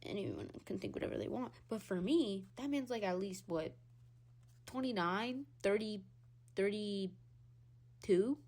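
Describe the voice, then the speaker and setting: A young woman hosting a solo podcast, talking in an animated, casual rant. Her voice sits at a middle pitch, but it jumps from squealing highs to low, muttered asides. She swears freely and laughs often. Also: a little slow, pauses often. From Hispanic background. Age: young adult. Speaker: podcast host.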